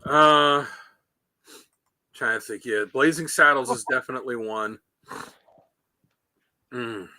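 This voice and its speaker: A man's voice: mid-range voice, slow pace, long pauses, pushed and bright, no echo. A man co-hosting a casual talk show, rambling through stories and acting out quotes. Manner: rambling, storytelling, acts out quotes. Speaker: podcast co-host. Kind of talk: casual chat.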